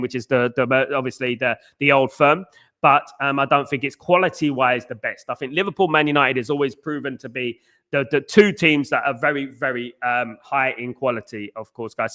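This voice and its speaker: A man's voice: mid-range voice, brisk, pushed and bright. A man hosting a football chat show, reading viewers' messages, rambling with many restarts and calling people "mate". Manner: rambling, restarts often, frequent "mate" and "you know what I mean". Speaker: podcast host reading live chat. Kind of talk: casual fan chat.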